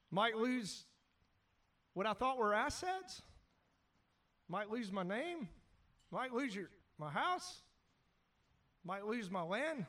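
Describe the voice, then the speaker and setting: A man preaching a sermon as pastor, animated, shouting at times and then dropping to quiet asides. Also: high voice, far from the mic.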